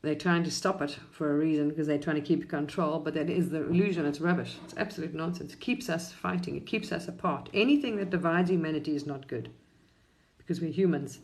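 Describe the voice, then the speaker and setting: A woman's voice: low voice, a little fast, darkish tone, roomy sound. A middle-aged woman from England, chatting casually and reflectively on a live stream, rambling and laughing often.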